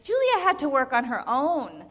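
Woman, dialect coach, playful, lively pitch, long hall echo. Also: moderate pace. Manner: playful, does voices. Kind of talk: comedy panel chat.

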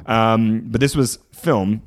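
A man with a Canadian accent tells stories from his past in a relaxed, swearing, animated way. His voice sits low and he paces the anecdote for laughs. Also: slow. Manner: animated, profane anecdote-telling. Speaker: guest. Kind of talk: casual storytelling in conversation.

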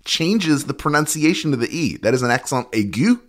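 A man's voice: fairly high pitch, big pitch swings, moderate pace, a bit bright. A man co-hosting a podcast, chatting casually and wryly, fussy about pronunciation. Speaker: podcast co-host. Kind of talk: casual wrestling chat.

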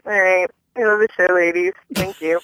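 Exasperated young mom ranting on a voicemail. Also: female voice, steady tone, normal speed, a bit bright, slight background noise, low-quality recording. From East Coast of the US. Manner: exasperated, acts out the stranger in a high mocking voice. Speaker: caller leaving a voicemail rant. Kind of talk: venting voicemail story.

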